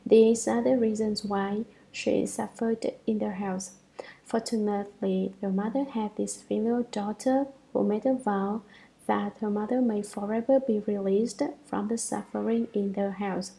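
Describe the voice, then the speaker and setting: Gravelly-voiced woman reading a sutra commentary. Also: mid-range voice, level tone, unhurried, dark tone, rough recording. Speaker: reader of a Buddhist sutra commentary.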